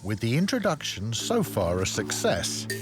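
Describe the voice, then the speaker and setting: A man narrating a wildlife documentary in a measured, informative, scripted delivery. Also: medium pitch, huge pitch swings, music in the background.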